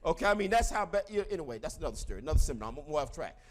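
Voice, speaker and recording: A middle-aged man with a Southern US accent giving an animated motivational seminar talk to a live audience, repeating his key points in a preachy way. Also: fairly high pitch, rapid-fire. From American South. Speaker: motivational speaker.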